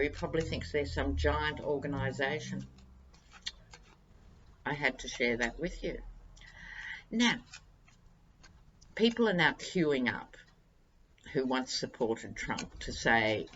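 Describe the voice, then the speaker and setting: A woman's voice: sits low, a little slow, long pauses, a bit bright, dull audio, slight background noise. A woman, chatting wryly and directly to her viewers as a tarot-reading vlog host. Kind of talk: casual monologue to viewers.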